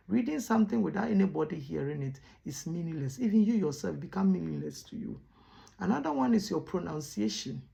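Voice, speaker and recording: A woman teacher giving a classroom lesson, stressing points by repeating words and pausing on "what?" for the class to finish her sentences. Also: mid-range voice, creaky, mellow. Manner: asks rhetorical "what?" prompts for the class to finish.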